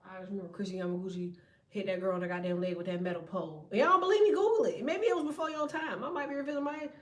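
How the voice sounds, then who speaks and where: A woman's voice: medium pitch, very fast, distant mic. A woman in her thirties from the United States, ranting bluntly and profanely to viewers as a tarot vlogger. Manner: blunt, profane, animated storytelling. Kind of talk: profane casual rant to viewers.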